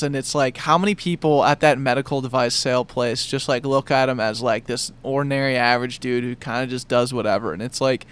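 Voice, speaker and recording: Smooth-voiced enthusiastic young podcast host. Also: male voice, medium pitch, steady tone, a little fast, few pauses, fairly bright tone. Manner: enthusiastic, loose and rambling. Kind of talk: casual conversation.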